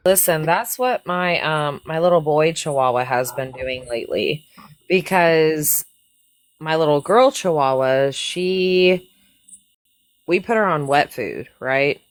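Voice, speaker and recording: Brief: deep-toned woman guest, easygoing profane chatter. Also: slow, no room sound, low-quality recording. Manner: profane, chatty, fond talk about her dogs. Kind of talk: casual livestream chat.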